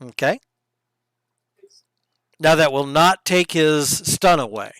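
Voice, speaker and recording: A man running a tabletop game as game master, narrating combat in lively detail with the odd hushed aside. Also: on the high side, takes it slowly, clear, resonant tone, no echo, rough recording.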